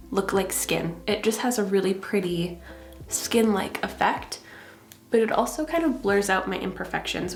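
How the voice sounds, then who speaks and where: Young woman from Canada, relaxed and chatty, mid-pitched, some room echo. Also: gravelly. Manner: chatty, relaxed product talk. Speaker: makeup vlogger. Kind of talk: casual makeup tutorial chat. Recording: roomy echo.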